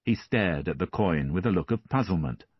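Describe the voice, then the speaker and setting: A man reading a classic novel aloud as an audiobook narrator, measured and expressive. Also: low voice, husky, dry recording, muffled recording.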